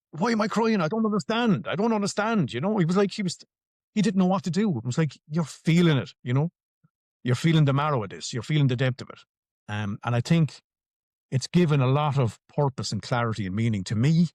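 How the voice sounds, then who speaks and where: Irish male podcast guest, emphatic and salty, dry close sound, mid-pitched. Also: a little mellow, dry recording. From Ireland. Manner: emphatic, swears freely, repeats phrases for stress. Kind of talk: conversational interview answers.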